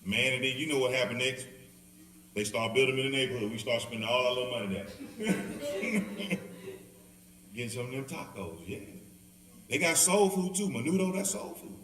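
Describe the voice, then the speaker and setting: A man's voice: mid-range voice, normal speed. A man with a Southern accent teaching a Bible study, joking, laughing and acting out the people in his stories. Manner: animated, laughing, acts out quoted people. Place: church hall. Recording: echoey hall, speaker far off.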